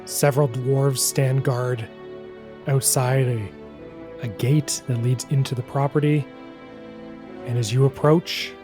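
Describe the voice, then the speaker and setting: A man narrating as dungeon master of a tabletop game, describing scenes in a measured way. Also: mid-range voice.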